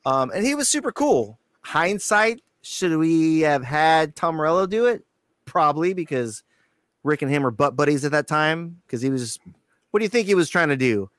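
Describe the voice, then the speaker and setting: Male guest, casual and profane, lively delivery with a slightly high voice, dry sound. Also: normal speed, no echo. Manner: profane, animated storyteller acting out quotes. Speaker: guitarist guest. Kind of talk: casual storytelling interview.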